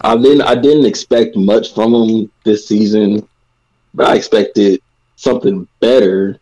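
A man's voice: lowish voice, fairly even intonation, measured pace, mellow, poor audio. A young man co-hosting a casual podcast chat, laid-back and rueful in tone. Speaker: podcast co-host.

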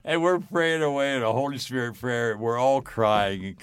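On a faith podcast, an older male guest tells stories enthusiastically, acting out the dialogue as he goes. His medium-pitched voice has a clean tone and normal speed, with no room sound.

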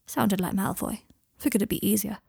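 A woman's voice: mid-range voice, fairly even intonation, a little fast, vocal fry, a little mellow, slightly rough, no echo, studio quality, heavily acted. A woman voicing an anxious, self-deprecating young man who swears under his breath, in a fan fiction reading. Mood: wry.

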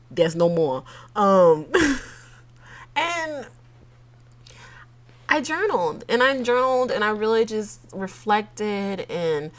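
A woman hosting a casual solo podcast. She is chatty and openly emotional, fights back tears, laughs between thoughts, and talks to her listeners as "y'all". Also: medium pitch. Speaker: podcast host.

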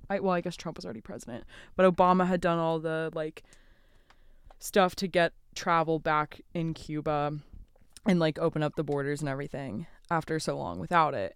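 Young woman chatting on a podcast, smooth voice, laid back, lots of ums. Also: on the low side, no room sound, studio quality. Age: young adult. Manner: laid-back storytelling with fillers. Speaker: podcast co-host. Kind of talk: casual chat.

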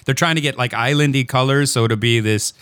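A man co-hosting a podcast, teasing his friends in lively casual banter. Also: mid-range voice, a little fast, clear, resonant tone, no room sound, studio quality. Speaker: podcast co-host.

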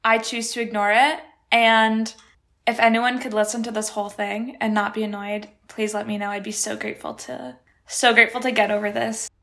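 A woman's voice: fairly high pitch, flat delivery, normal speed, vocal fry, a bit bright. A young woman co-hosting a podcast over a video call, laid-back and wry. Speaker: podcast co-host. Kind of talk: casual chat.

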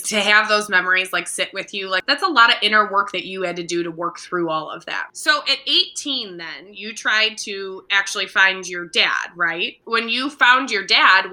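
Bright, sympathetic woman interviewer. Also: mid-range voice, normal speed, hardly any pauses. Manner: sympathetic, asks follow-up questions. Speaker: host. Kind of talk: interview questions.

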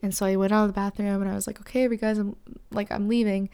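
Young woman telling a story on her podcast, gravelly, flat delivery, lots of "like", drops to whispers sometimes. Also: medium pitch, fast. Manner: candid, breathy whispered asides, frequent "like" fillers. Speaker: podcast host. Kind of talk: personal storytelling.

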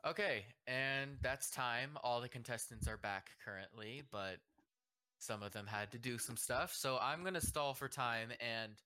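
A man's voice: medium pitch, measured pace, sharp tone. A young man hosting a casual group chat and telling a long rambling story, laughing as he goes. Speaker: host and judge.

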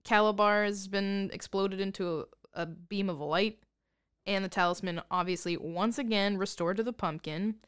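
Smooth-voiced woman recapping a movie. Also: mid-range voice, fairly even intonation, normal speed. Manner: dry, wry storyteller, laughs often. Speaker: podcast co-host. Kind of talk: casual movie recap chat.

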